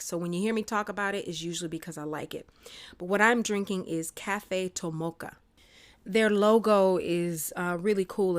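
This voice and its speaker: A woman hosting a solo podcast from home, chatting in a bubbly, rambling way. Her voice sits a little low for a woman. She fills gaps with ums. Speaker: podcast host. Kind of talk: casual solo podcast chat. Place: home, by a window.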